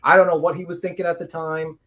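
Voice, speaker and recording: A man on a casual livestream panel, talking bluntly and laying on the sarcasm. His voice sits a touch higher than most men's. He swears freely as he explains. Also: flat delivery, fast talker, a bit bright.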